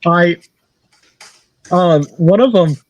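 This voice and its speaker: A man's voice: high voice, extremely slow, no echo. A man telling casual stories as an interview guest, rambling, repeating phrases and laughing at his own tales. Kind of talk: casual storytelling. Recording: dull lo-fi dry recording.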